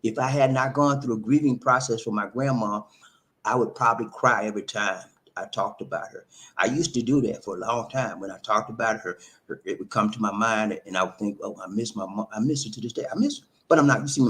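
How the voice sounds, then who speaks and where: A man's voice: on the low side, fairly quick. A man giving casual, preachy relationship advice, repeating himself and often calling the listener "man". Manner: animated, repetitive, preachy, says "man" often. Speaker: relationship talk host. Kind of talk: casual monologue to camera.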